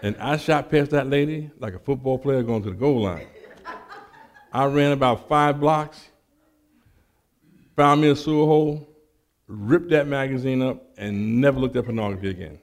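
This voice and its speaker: A man preaching a sermon and telling a personal testimony, animated and acting out the dialogue, with frequent stammered restarts. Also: medium pitch, moderate pace, long pauses.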